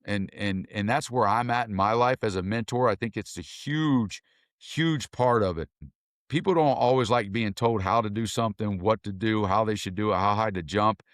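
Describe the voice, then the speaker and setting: Brief: male coach from Kentucky, earnest, animated storyteller, dry close sound. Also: lowish voice, normal speed, no room sound. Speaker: football coach and mentor. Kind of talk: casual interview talk.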